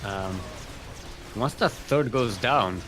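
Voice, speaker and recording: A man's voice: on the low side, takes it slowly, background noise. A man with an Australian accent giving live, joking commentary on a strategy game as a caster. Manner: joking, rambling, laughs often. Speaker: esports caster.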